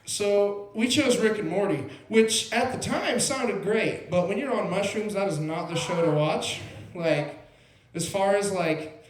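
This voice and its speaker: A young male comic rambles through a laid-back stand-up story, his voice sitting a little high. The sound is roomy, like a small club. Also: unhurried, few pauses. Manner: rambling, laid-back, heavy on filler "like" and "bro". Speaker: open mic comedian.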